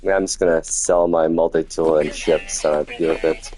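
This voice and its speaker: A man giving low-key, casual commentary while playing a video game on stream, muttering to himself as he goes. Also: fairly even intonation, normal speed, warm tone, soft background music. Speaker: gaming streamer.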